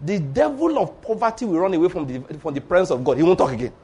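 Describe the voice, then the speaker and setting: A man preaching a sermon, animated and acting out the voices of people in his stories. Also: high voice, quick pace, breathy edge. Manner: animated, acts out voices of Satan and church members.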